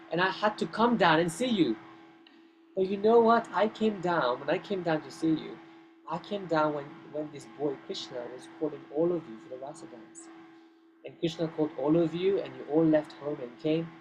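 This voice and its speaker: A gentle, lofty goddess in disguise speaks with a slightly lifted pitch, as a male teacher acts her out in class. Her tone stays earnest and full of wonder. A steady background hiss sits under the voice. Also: close to an everyday voice, low-quality recording. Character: disguised demigoddess, sad then scornful, a woman.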